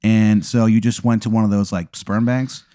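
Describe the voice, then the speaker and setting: A man's voice: lowish voice, flat delivery, moderate pace, warm tone, dry recording, clean studio sound. A man improvising as game master, rambling through the story with fillers and laughs. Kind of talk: improvised tabletop narration.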